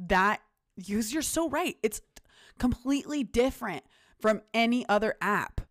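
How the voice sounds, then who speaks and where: A woman's voice: on the high side, expressive, measured pace, dry recording, clean studio sound. Young woman reacting with stunned swearing. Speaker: podcast co-host. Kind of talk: casual chat.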